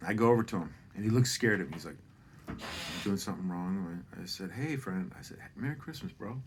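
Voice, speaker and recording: A man's voice: sits low, animated, fairly quick, background noise. A middle-aged man telling a holiday story in a rambling, profane, self-deprecating way, often drifting off on tangents.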